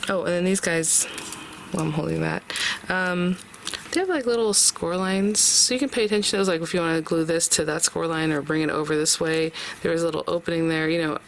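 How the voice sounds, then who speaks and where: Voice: medium pitch, a little fast, slight background noise. A craft tutorial host talking casually step by step and thinking aloud while working.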